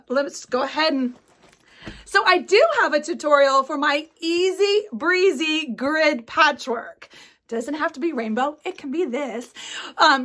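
A woman in her forties hosts a craft video from home, enthusiastically showing off her sewing projects in a casual show-and-tell chat. Her voice is high, bright and forceful, full of ums and asides.

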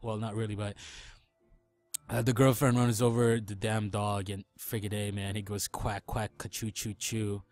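A man's voice: lowish voice, level tone, normal speed, darkish tone, soft background music. A young man rambling casually while playing a game, joking and cracking silly animal noises. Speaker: let's play gamer. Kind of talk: casual gameplay commentary.

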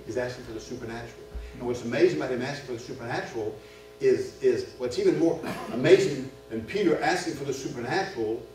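A man preaching a sermon at a men's retreat, impassioned and repetitive, building in pitch and force as he goes. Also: fast, a little mellow, faint music behind. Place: church hall or retreat room. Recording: echoey hall, far from the mic.

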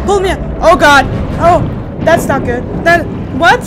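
A woman's voice: very high-pitched, a little slow, noisy background. A young woman hosting a gaming video, playing a VR game, screaming, swearing and laughing nervously as she plays. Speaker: gaming channel host. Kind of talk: let's play commentary.

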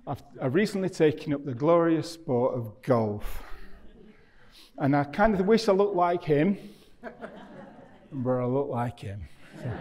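A man's voice: medium pitch, a little mellow. A middle-aged man giving a public lecture as an artist, telling stories in a chatty, self-deprecating way. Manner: chatty storyteller, self-deprecating, acts out quoted dialogue. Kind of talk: anecdotal lecture to an audience. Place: university lecture hall.

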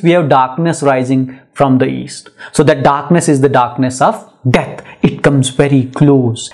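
A man lectures on a poem, pressing each point by repeating phrases and firing rhetorical questions. His voice sits a little higher than most men's. He explains the lines in a plain classroom manner. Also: a little mellow. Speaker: literature lecturer. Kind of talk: poetry lecture mixing English and Hindi.

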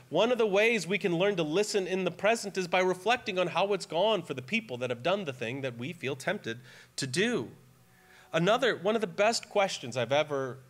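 A man in his forties preaching a sermon as pastor, earnest and emphatic, dropping to a soft, tearful tone during personal stories. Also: high voice. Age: 40s. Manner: earnest, emphatic, grows quiet and tearful when telling a personal story. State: near tears at times.

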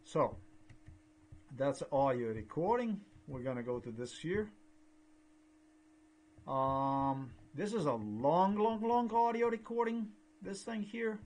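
Man, middle pitch, halting and repetitive, earnest rambling vlog delivery. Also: sing-song, darkish tone. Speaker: video blogger.

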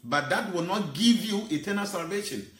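A man's voice: high voice, lively intonation, normal speed, a bit bright, echoey room. A man preaching an earnest, emotional sermon, reciting Sanskrit verses and explaining them. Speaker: spiritual teacher.

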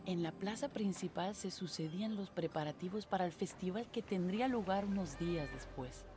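A woman voicing a young woman narrating her story in a video game, in calm, even storytelling. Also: lowish voice, quick pace, natural voice.

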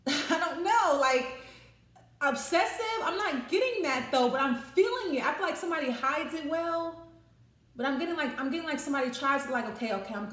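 A woman's voice: sits high, a bit bright, roomy sound. Chatty woman doing a tarot reading. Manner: chatty, swears freely, repeats and restarts phrases. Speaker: tarot reader. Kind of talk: casual tarot reading to camera.

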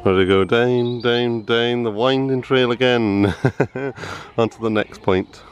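A man's voice: mid-range voice, steady tone, takes it slowly, smooth. A man in his thirties, a family vlogger chatting casually while walking an outdoor farm trail, encouraging his small son, into a handheld camera.

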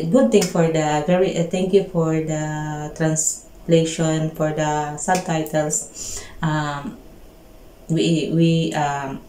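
A woman with a Filipino accent hosting a reaction video, speaking emotionally and haltingly, with pauses and fillers. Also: deep voice, dark tone, reverberant, slight background noise. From Philippines. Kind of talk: casual reaction commentary.

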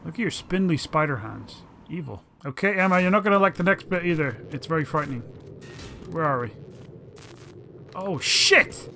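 A man's voice: on the high side, animated, moderate pace, creaky, pushed and bright, slight background noise. A man doing let's play commentary, swearing and mock-dramatically teasing the game's characters.

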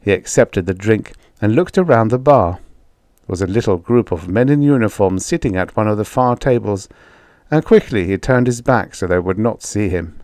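A man reading a short story aloud in an even, measured way. His voice sits slightly low and is recorded dry and close, with no room sound. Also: dry recording. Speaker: audiobook narrator. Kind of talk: scripted story narration.

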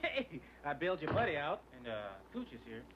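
An actor playing a cocky biker gang member who banters quickly in 1960s film dialogue. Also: male voice, a little high, big pitch swings. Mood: bantering. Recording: dull old film soundtrack with hiss.

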